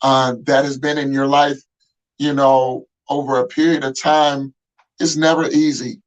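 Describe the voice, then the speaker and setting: A man's voice: mid-range voice, little pitch movement, measured pace, poor audio. Brief: male podcast host, earnest conversational delivery, frequent fillers. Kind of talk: conversational interview.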